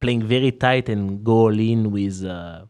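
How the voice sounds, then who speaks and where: A man's voice: on the low side, measured pace, darkish tone, clear, resonant tone. A man from France with a French accent, a poker guest chatting casually, often laughing and repeating words as he restarts. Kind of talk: casual chat.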